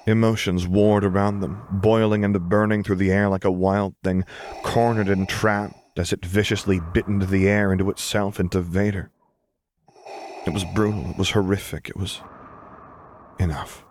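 A man narrating a fan fiction audiobook in a measured, expressive storytelling manner. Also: deep voice, slight background noise. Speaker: podfic reader.

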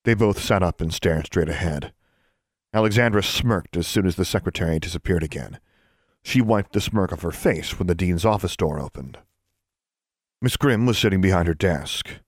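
A man reading an audiobook in a measured, steady narration. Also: low-pitched, no room sound, clean studio sound. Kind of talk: scripted narration.

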